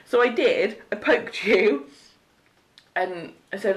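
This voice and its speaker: A woman's voice: medium pitch, animated, measured pace. A young woman from Cheshire chatting casually on a vlog, telling a story with frequent giggles. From Cheshire, England. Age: young adult. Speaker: vlogger. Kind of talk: casual chat.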